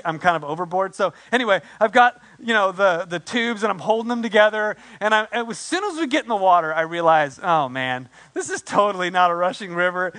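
This storytelling sermon comes from a pastor in his forties whose voice sits high for a man and rings bright and clear. He's lively and pokes fun at himself, imitating the voices of the people he quotes.

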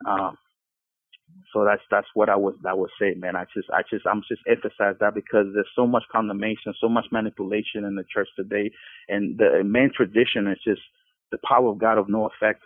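A man's voice: fairly low pitch, fairly quick, no echo. A man speaking as a podcast guest, giving an earnest Christian testimony with frequent stumbling restarts. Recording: tinny phone line.

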